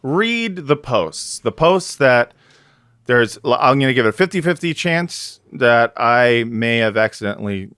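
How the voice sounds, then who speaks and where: A man with a mid-range voice hosts a casual podcast, speaking haltingly with many fillers and restarts and frequent laughter. The sound is dry and close, with no room around it. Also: mid-range voice, very animated, fairly bright tone, smooth, no echo. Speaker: podcast host.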